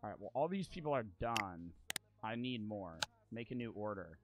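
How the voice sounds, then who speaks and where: A man's voice: on the low side, animated, moderate pace, narrow, tinny audio, heavy background noise. A young man streaming a video game, chatting casually to his viewers, swearing and laughing as he plays. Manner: loud, swearing, talks to chat, laughs often. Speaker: gaming streamer. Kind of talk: casual let's-play commentary.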